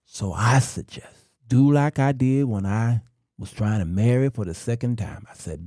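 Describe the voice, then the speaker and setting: A middle-aged man hosting a talk show, delivering a slow, emphatic monologue to men with long dramatic pauses. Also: medium pitch, mellow, no echo, studio quality.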